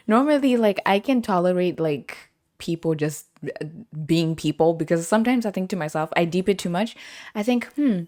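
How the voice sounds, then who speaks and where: A woman's voice: fairly low pitch, moderate pace, no room sound, clean studio sound. Laughing young woman telling stories. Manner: animated, laughs often, acts out quoted voices. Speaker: podcast host. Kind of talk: casual storytelling.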